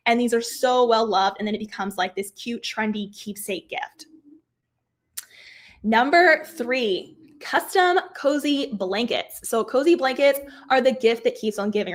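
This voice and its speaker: A middle-aged woman hosting a live craft tutorial, chatty and upbeat with a slightly hoarse voice. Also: fairly high pitch, fairly bright tone. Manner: chatty, upbeat, self-deprecating. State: slightly hoarse, losing her voice. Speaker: craft workshop host.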